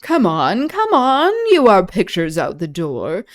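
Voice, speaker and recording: A woman reading aloud as a scheming, sneering male soldier, a bit more forceful than her usual talk. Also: mid-range voice, wildly swooping pitch, measured pace. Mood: mocking. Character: scheming bitter male ensign Iago, sneering.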